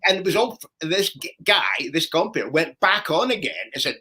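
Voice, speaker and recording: A Scottish man from Edinburgh hosts a casual chat and spins his own gig story with lively energy. His voice is bright and fairly high, and it moves around a lot. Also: normal speed. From Edinburgh, Scotland. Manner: lively, laughing anecdote telling.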